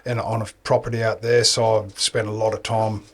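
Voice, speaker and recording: A man with a South African accent talks in a low, gravelly voice that stays flat and even. He answers in relaxed, short phrases that trail off, in easy conversation. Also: fairly quick. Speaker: guest. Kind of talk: casual chat. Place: sauna.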